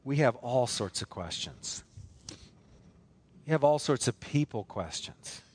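A man's voice: medium pitch, lively intonation, measured pace, husky. A man preaching a sermon as pastor, emphatic and repetitive, with many rhetorical questions.

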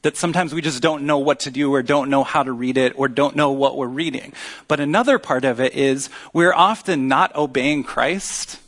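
A man preaching a sermon as pastor, earnest and teaching, with emphatic pauses. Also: mid-range voice, fairly bright tone.

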